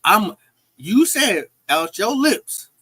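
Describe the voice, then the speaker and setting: A man, insistent in a heated casual debate, repeating himself, his voice jumping high. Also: big pitch swings, slow pace, sharp tone, slightly rough, no room sound.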